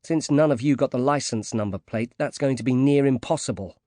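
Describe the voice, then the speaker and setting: A man's voice: medium pitch, a little fast, dark tone, dry recording, studio quality, close to an everyday voice. A man voicing a stern female police inspector who speaks coldly and curtly. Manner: cold, clipped.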